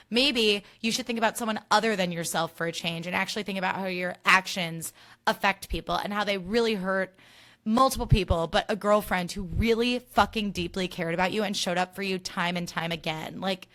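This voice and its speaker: A woman's voice: mid-range voice, normal speed, sharp tone. A young woman hosting a podcast, giving a casual recap in an emphatic, ranting style and swearing freely. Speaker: podcast host.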